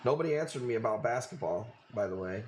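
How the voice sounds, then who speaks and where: A man's voice: on the low side, expressive, quick pace, a little hiss or hum. A man hosting a live coral auction stream, bantering loosely and profanely with viewers and calling out bids.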